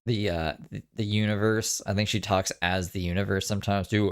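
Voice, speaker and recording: Low voice guy reacting to a clip, rambly and jittery from coffee, dry close sound. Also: fairly even intonation, brisk, few pauses, dry recording. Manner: rambling, fidgety, with chuckles and filler. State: jittery from too much coffee. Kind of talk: casual reaction commentary.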